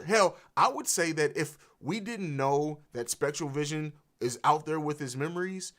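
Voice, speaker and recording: His voice runs a little high and a bit bright as he reacts live on stream, unscripted and emotional. The male host swears without restraint and often restarts what he's saying, picked up by a streaming mic.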